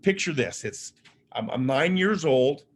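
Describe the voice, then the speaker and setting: A man's voice: fairly high pitch, lively intonation, unhurried. A man telling stories in a keynote talk. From Las Vegas, Nevada, USA. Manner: humorous, conversational, self-deprecating storyteller. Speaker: motivational speaker and author.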